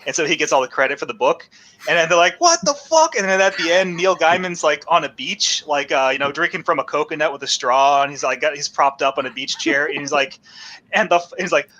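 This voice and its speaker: A man's voice: on the high side, steady tone, brisk, sharp tone, highs cut off. A man hosting a podcast in casual chat, rambling, laughing often and swearing freely. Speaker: podcast host.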